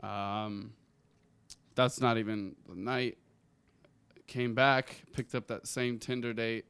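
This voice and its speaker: A young man co-hosting a casual podcast, talking in a laid-back way with plenty of ums and quick reactions. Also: medium pitch, level tone, gravelly, fairly bright tone, smooth. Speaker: podcast co-host.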